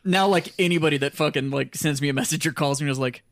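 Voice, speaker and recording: A man's voice: fairly high pitch, fast, a bit bright, no echo, studio quality. A man on a podcast telling stories in casual chat, swearing freely and acting out what people said. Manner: profane, storytelling, acts out quoted dialogue. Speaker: podcast co-host.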